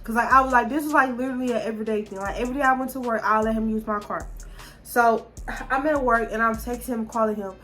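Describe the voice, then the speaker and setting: A woman's voice: on the high side, steady tone, quick pace, pushed and bright. A young woman, talking straight to her viewers in a candid, profane storytime monologue full of restarts. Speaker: vlogger.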